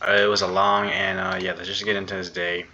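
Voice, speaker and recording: Low, bright-voiced young man rambling casually. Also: completely flat delivery, a little fast. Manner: rambling, casual, lots of fillers and slang. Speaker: day trader. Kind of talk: casual screen-recorded trade recap. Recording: slightly dull, faint background noise.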